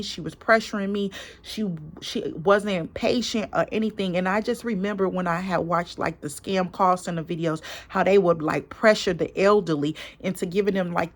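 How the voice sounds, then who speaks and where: A woman vlogger and small business owner, a parent, retelling a story in a casual, emphatic, animated way with quoted dialogue. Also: on the low side. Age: adult parent.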